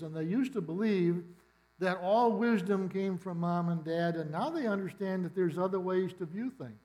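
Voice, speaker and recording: A man's voice: sits high, poor audio. A middle-aged man preaching a sermon in a church, conversational and storytelling with dry humor. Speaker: pastor. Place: church sanctuary.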